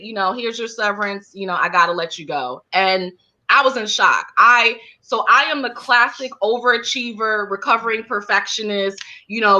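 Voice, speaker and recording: A woman's voice: mid-range voice, sharp tone. A woman guest on an interview, telling her story casually and packing her speech with fillers like "like" and "you know.". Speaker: guest, holistic healer and counselor. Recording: dull lo-fi sound.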